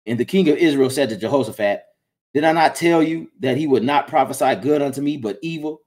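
A man's voice: medium pitch, fairly quick. Man reading scripture aloud plainly. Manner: plain, steady reading with small slips. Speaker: scripture reader.

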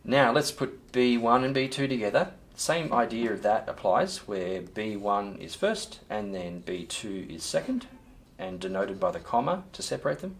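A man teaches a recorded percussion lesson over drum playing, counting in and loudly calling out sticking patterns before explaining technique calmly and patiently. His voice is on the low side, at normal speed with few pauses.

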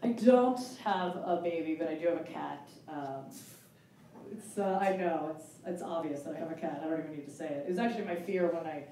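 A woman's voice: fairly quick, slight background noise. A woman in her forties doing a self-mocking stand-up comedy set on stage at a benefit. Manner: self-mocking, punchy, jumps into loud high character voices. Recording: very echoey venue, mic from a distance.

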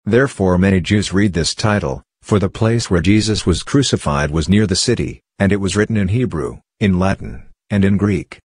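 A man giving a steady, measured scripted Bible reading. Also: low-pitched, breathy edge, no room sound. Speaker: scripture reader.

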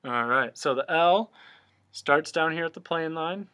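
Slow, patient male handwriting teacher. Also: fairly high pitch, sharp tone. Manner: patient, step-by-step explaining. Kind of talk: remote handwriting lesson.

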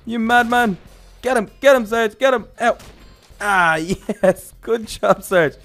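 A young man hosting a game role-play, narrating every move in character and getting loud and excited during the action. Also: high voice, slow pace, faint music behind.

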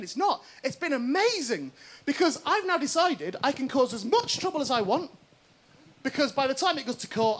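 A male comic does a stand-up set on a TV studio stage. His voice sits high and swoops a lot as he tells his story. He keeps checking in with the crowd. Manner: animated, self-mocking storytelling with frequent "right?". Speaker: stand-up comedian. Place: TV studio stage before an audience.

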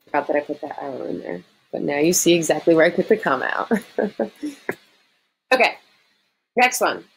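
A woman's voice: deep voice, expressive, moderate pace, gravelly, slightly rough, low-quality recording. A woman teacher giving a recorded writing lesson to her students, explaining step by step in a conversational way with frequent "okay" and "um".

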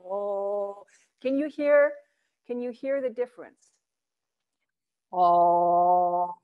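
A woman's voice: flat delivery, moderate pace, phone-quality sound. A woman teaching a Zen chanting workshop over a video call, guiding students with encouragement and light laughter. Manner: demonstrates chants and low vowel sounds from the belly.

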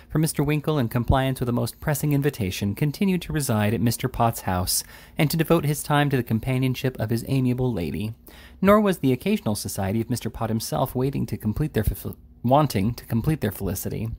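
A man reading a classic novel aloud in a measured, deliberate narration with occasional restarts. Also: mid-range voice, a little mellow. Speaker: reader.

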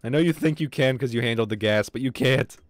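A young man chats through a livestream of his game, swearing freely and flaring up in quick bursts of frustration. His voice sits at a middle pitch for a man. The sound is dry and close, with no room echo. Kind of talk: casual gaming livestream commentary.

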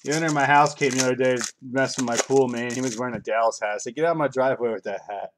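A man's voice: mid-range voice, racing, background noise. A middle-aged man hosting a live card break, reading out cards and joking casually with his viewers. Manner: offhand, joking, reads out cards while chatting to viewers. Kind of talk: casual live-stream chat.

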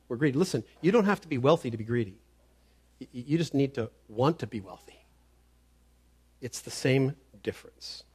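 A man's voice: mid-range voice, breathy edge. A man preaching a sermon as pastor, earnest and emphatic, often stammering on the start of a word. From Canada.

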